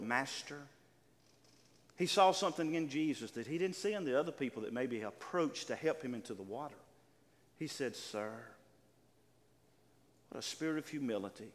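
Preacher guy, voice swoops up and down a lot, fairly high, long church echo. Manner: animated preaching, acts out voices. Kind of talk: sermon. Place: church sanctuary. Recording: long reverb of a large hall.

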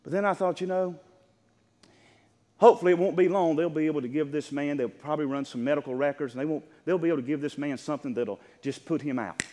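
A man's voice: on the high side, steady tone, fast talker, mellow. An older man, a pastor, preaching a sermon to his congregation in an earnest storytelling way, often restarting his words. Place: church sanctuary. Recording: long hall reverb.

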